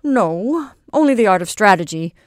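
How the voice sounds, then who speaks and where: A woman's voice: mid-range voice, animated, moderate pace, dry recording, clean studio sound, natural voice. A woman voicing a young male soldier who is proud and teasing, speaking boastfully and earnestly to his sweetheart.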